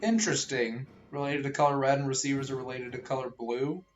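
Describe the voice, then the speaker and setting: A man streaming a game, reading its text aloud and reacting in a casual, excitable, jokey way. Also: mid-range voice, a little fast, echoey room, lo-fi sound.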